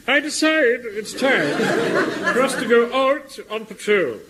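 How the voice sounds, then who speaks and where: An actor playing a pompous middle-aged Home Guard captain in a radio comedy, speaking with indignant self-importance. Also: male voice, very high voice, big pitch swings, takes it slowly, full character voice. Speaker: captain narrating a radio skit. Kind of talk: 1960s-70s radio comedy acting. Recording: hissy archive radio recording.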